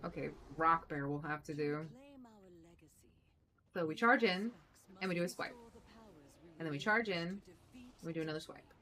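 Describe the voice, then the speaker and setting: Chatty, excitable woman streamer. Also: on the low side, normal speed, pauses often, poor audio. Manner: chatty and excitable, blunt with mild swearing. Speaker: game streamer. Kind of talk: casual gameplay commentary.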